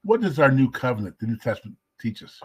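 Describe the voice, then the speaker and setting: A man giving a casual devotional teaching, emphatic, slowing down to stress key words and sometimes dropping to a whisper. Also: mid-range voice, very animated, a little mellow, husky. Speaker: messianic Jewish teacher.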